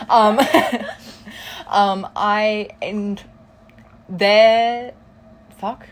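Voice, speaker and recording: A woman's voice: mid-range voice, fairly even intonation, very slow. A young woman co-hosting a casual podcast, chiming in with quips and finishing her friend's sentences. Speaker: podcast co-host. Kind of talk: casual chat.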